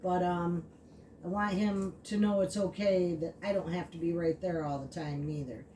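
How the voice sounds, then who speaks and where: A woman's voice: steady tone, normal speed, warm tone. Chatty woman training a puppy. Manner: chatty with many fillers, breaks into high baby talk to the puppy. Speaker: dog trainer. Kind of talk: casual vlog narration. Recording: distant mic with clear background noise.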